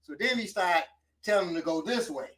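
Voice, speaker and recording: Guy coaching choke escapes, loose casual talk, pretty high voice. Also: a little fast, recorded from a distance. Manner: animated, coaching while demonstrating moves. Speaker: self-defense instructor.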